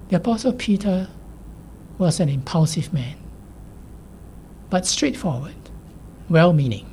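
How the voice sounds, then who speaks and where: A woman preaching a sermon in a measured, emphatic way, at times sinking to a near whisper. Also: low voice, warm tone, a little hiss or hum.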